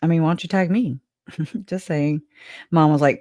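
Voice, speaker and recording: A woman's voice: low voice, measured pace, pauses often, a little mellow, dry recording, clean studio sound. A woman hosting a casual livestream and reading viewer comments aloud. She rambles, laughs often, swears casually and sounds emotional and grateful. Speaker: livestream host.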